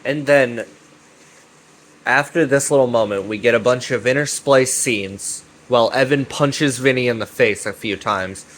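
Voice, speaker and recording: Excitable, cussing man rambling through a recap. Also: mid-range voice. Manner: excitable, profane, repeats himself and keeps asking "right?". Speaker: YouTube commentator.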